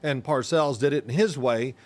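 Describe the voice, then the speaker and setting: Older man, podcast co-host, former quarterback, animated storyteller. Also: medium pitch, moderate pace. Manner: animated storyteller who acts out quoted voices. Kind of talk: casual chat, storytelling.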